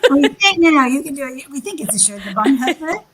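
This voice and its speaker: A woman who is a film producer, telling animated anecdotes in a livestream interview. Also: high voice, brisk, poor audio.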